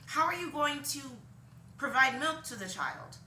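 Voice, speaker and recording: A woman's voice: sits high, expressive, measured pace, pushed and bright, a little hiss or hum. A woman vlogging from her home, rambling through opinions with many ums and short laughs at herself. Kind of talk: casual opinion monologue. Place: home room with laundry behind her. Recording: roomy, distant from the mic.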